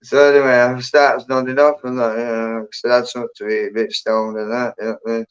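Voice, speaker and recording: A man's voice: mid-range voice, flat delivery, quick pace, clean tone. An English man telling stories in rambling casual chat, swearing a lot and tacking "and that" onto his sentences. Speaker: livestream guest. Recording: dull lo-fi stream audio.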